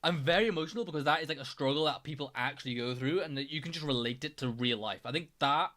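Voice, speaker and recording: A man's voice: fairly high pitch, quick pace, bright, forceful tone. A man chatting casually as a streamer reacting to videos, enthusiastic and rambling. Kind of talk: casual chat.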